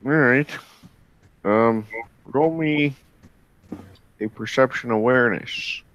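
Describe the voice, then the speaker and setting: A man narrating as game master of a tabletop game, unhurried and halting with fillers as he describes the action. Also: medium pitch, fairly bright tone, muffled recording.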